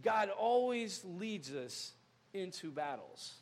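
A young male pastor preaching a sermon in a church, animated and acting out scenes with sudden loud outbursts. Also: sits high, slow.

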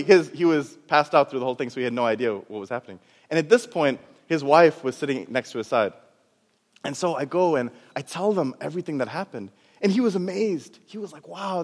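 A man who is a doctor preaching a sermon and telling his own story in an animated way, laughing at himself. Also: fairly high pitch. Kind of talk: sermon testimony. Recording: long hall reverb.

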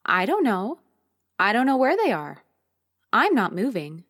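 A woman doing a high wistful little girl. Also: wildly swooping pitch, a little slow, fairly bright tone, heavily acted. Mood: childlike. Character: little girl about five, wistful and insistent.

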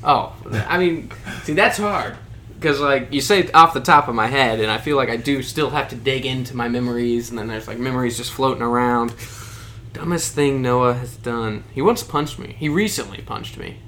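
A young man in casual chat, telling an animated, joking story. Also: medium pitch, moderate pace, a little hiss or hum.

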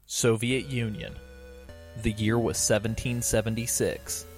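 A man's voice: on the low side, level tone, unhurried, faint music behind. A man hosting a podcast who reads a fan story aloud with mocking, exaggerated emphasis. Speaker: podcast host. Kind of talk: comedic dramatic reading.

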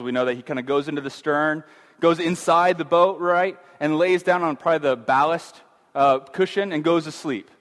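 Man teaching a Bible passage in a reverberant hall. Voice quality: conversational, many fillers and restarts. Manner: acts out voices of fear with rising pitch.

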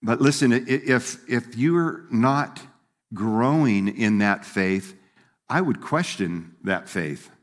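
Here a man takes his time with a sermon, his mid-range voice expressive throughout. As pastor he speaks in a down-home, conversational way, chuckling and performing the voices of people he quotes, with long reverb from the hall around him.

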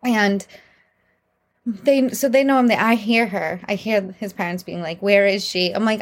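A young woman hosting a podcast, telling candid dating stories in a casual, animated way and laughing through them. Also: mid-range voice, fairly quick. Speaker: podcast host. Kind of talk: casual storytelling monologue.

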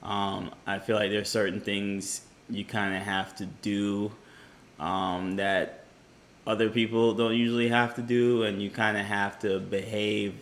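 A man's voice: fairly low pitch, measured pace, slight background noise. A man co-hosting a podcast, talking casually, hedging and pushing back in a debate. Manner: relaxed, hedging with fillers, pushes back. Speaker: podcast co-host.

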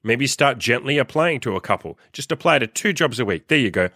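A man's voice: medium pitch, lively intonation, brisk, bright, forceful tone, dry recording. Young man, solo podcast rant, blunt and profane, fired-up, dry close sound. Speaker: podcast host and coach. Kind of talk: ranting solo podcast monologue.

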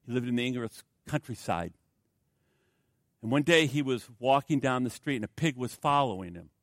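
A man preaching a sermon, telling stories and acting out dialogue, swinging from loud exclamations to hushed, near-whispered lines. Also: medium pitch, animated, moderate pace, no echo, clean studio sound. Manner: acts out quoted dialogue. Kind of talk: sermon with storytelling.

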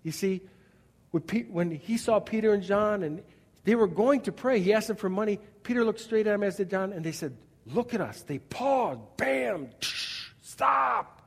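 Animated preacher in a big hall. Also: male voice, high voice, moderate pace. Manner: animated, acts out scenes, swings from loud to quiet. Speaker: pastor. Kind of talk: sermon. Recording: long reverb of a large hall.

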